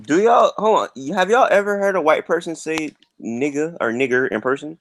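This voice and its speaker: A man's voice: on the high side, expressive, fairly quick, slight background noise. A man hosting a casual podcast chat, firing questions at his friends and laughing often. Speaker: podcast host.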